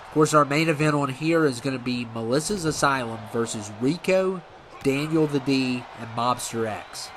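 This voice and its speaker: A man's voice: mid-range voice, moderate pace, fairly bright tone. Guy doing chill commentary over a wrestling game, kinda rambly, noisy home recording. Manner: rambling, self-correcting, laid-back. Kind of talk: casual play-by-play commentary.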